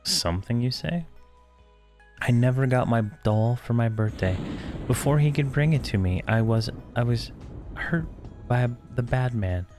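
Guy doing a high squeaky little ghost girl, begging for help, faint game music. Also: expressive, a little slow, darkish tone, lightly acted. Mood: pleading. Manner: high, pleading, childlike. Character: lost little ghost girl, timid and pleading.

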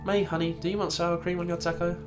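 A man voicing a sweet, doting cat mother in a sugary high voice, over game music. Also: level tone, fast, lightly acted.

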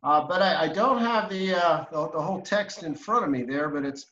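A middle-aged man explaining Biblical Greek as a guest in a casual discussion, halting and hesitant, often repeating words. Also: on the high side, fairly bright tone, echoey room, dull audio.

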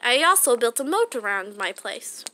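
A woman's voice: on the high side, big pitch swings, normal speed. A woman casually talking through a game as she plays, rambling and chatting to herself. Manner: chatty, rambling self-talk. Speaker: gaming channel host. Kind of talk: casual gameplay commentary. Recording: loud background noise.

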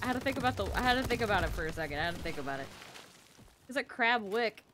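A woman giving casual gameplay commentary, excitable, yelping and squealing when hit. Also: mid-range voice, racing, noisy background. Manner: excitable, yelps and squeals at hits. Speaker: gaming video creator.

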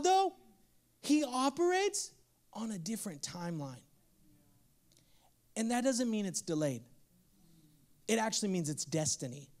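A young man preaching with a bright, high-pitched voice. He tells stories in an animated, playful way, slipping into character voices for a moment. He is speaking to a congregation in a church. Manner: animated, playful, acts out child and God voices. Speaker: pastor. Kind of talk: lively sermon with storytelling.

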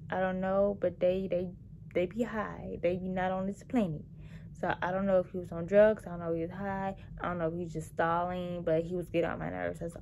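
A young woman telling a workplace story in a casual, animated, sassy way. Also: fairly low pitch, creaky, a little hiss or hum. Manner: animated, sassy, petty venting with dramatic emphasis. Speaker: vlogger telling work stories.

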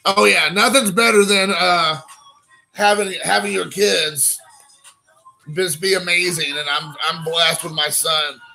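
A man in his thirties hosting a casual stream while opening trading card packs, excitable and rambling, calling people dude. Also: high-pitched, a little slow, vocal fry, faint music behind, poor audio. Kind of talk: casual live-stream chat.

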